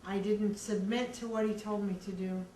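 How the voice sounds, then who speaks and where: A woman earnestly recounting her own story in a measured way, with many pauses. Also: medium pitch, steady tone, warm tone. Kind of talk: personal testimony. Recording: echoey room, distant mic, faint background noise.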